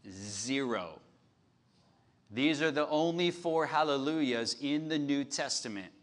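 A man preaching a sermon, reading scripture loudly and then dropping to a soft, confiding tone. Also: medium pitch, slow pace. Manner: animated, swings from loud reading to soft confiding. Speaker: pastor. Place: outdoor patio church service.

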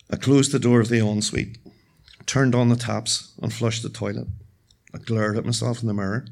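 Guy telling a story on stage, calm, wry, dark jokes. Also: mid-range voice, vocal fry. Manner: wry, measured, dark humour. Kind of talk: live first-person storytelling. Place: stage at a live event.

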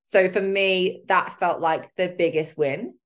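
A woman's voice: on the low side, fairly even intonation, unhurried. A woman hosting a casual solo podcast, talking candidly with mild swearing and a lot of filler words. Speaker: podcast host.

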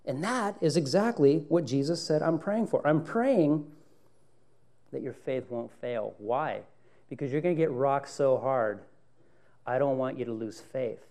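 A male pastor preaching a sermon with dramatic swings between hushed and raised lines, acting out dialogue from scripture. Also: medium pitch, a little slow.

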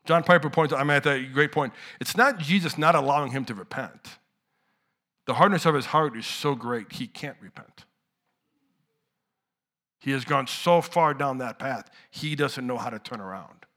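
A middle-aged man preaching a sermon to his church in a conversational way, dropping to hushed lows and rising to loud outbursts. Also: moderate pace. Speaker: pastor.

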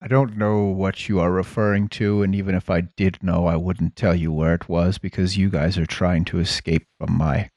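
A man voicing a composed, evasive male leader of a secret order in a tabletop game, in a smooth, guarded way. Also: sits low, level tone, normal speed, hardly any pauses, a little mellow, no echo.

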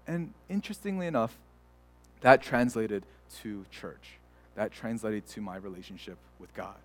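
A man's voice: lowish voice, normal speed, soft background music. A young adult man, a pastor, preaching a sermon in a chatty storytelling way with many fillers and restarts. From United States.

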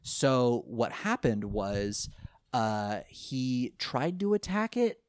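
A man casually recapping an anime episode, rambling and animated, often laughing and quoting the characters. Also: medium pitch, slow, clean tone, no echo, clean studio sound. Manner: rambling, animated retelling with laughs and quoted lines. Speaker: podcast co-host recapping an anime. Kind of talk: casual chat.

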